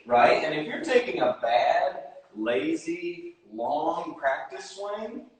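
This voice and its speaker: A man hosting an online baseball hitting clinic, speaking energetically and directly to young viewers. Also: fairly high pitch. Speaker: baseball hitting coach, host. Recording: echoey room, distant from the mic.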